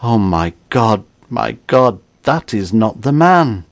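A man's voice: on the low side, very animated, slow, vocal fry, dry recording, pitched above the performer's own voice, heavily acted. A man voicing an anxious, despairing old man who cries out in anguish.

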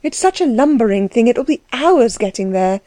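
A woman voicing a gracious older princess who speaks fondly and teases gently. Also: on the high side, animated, a little fast, dry recording, pitched above the performer's own voice, lightly acted. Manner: warm, gently teasing.

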